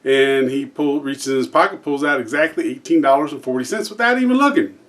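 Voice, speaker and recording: A man's voice: medium pitch, fairly quick, fairly bright tone. A man who hosts a joke channel, casually telling a long joke with restarts and fillers.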